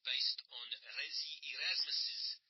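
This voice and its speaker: A man's voice: mid-range voice, slow, dull audio, close to an everyday voice. A man putting on a fussy heckler with a South African accent. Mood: indignant. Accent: put-on South African. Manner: prim, complaining, swears suddenly. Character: indignant male South African heckler defending a joke.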